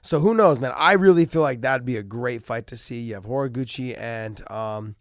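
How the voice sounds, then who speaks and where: A man's voice: medium pitch, normal speed, no echo, studio quality. A man hosting casual fight commentary, talking loosely with many restarts and fillers, jet lagged and tired. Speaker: host of fight analysis show.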